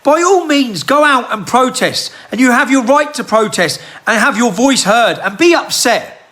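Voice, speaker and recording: An extremely high-pitched man, his voice pushed and bright with lively intonation at a normal speed, rants into a handheld phone. The political commentator's impassioned monologue to camera is heated and full of rhetorical questions.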